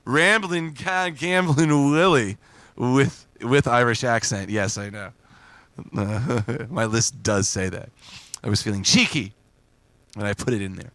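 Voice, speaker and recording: A man's voice: lowish voice, a little slow, fairly bright tone, no room sound. A man hosting a live music request stream, chatting casually and rambling as he reads and answers viewers, often laughing. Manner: laughs often, loose and joking. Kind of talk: casual live-stream chat between songs.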